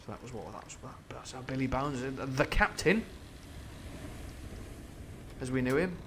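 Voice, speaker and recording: A man's voice: medium pitch, expressive, normal speed, fairly bright tone, a little hiss or hum. A man reading a classic novel aloud on a live stream and breaking off for playful, jokey asides.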